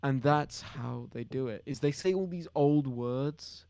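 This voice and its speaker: A young man co-hosting a comedy podcast, rambling through a deadpan mock-serious conspiracy bit. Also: medium pitch, unhurried, gravelly, clear, resonant tone, no echo. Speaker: podcast co-host.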